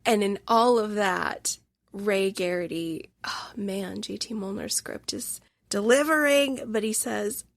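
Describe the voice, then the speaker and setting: A woman's voice: mid-range voice, slow pace, gravelly, no echo, studio quality. A woman hosting a solo podcast, talking through a film review in an emotional, gushing and candid way. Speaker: instructor.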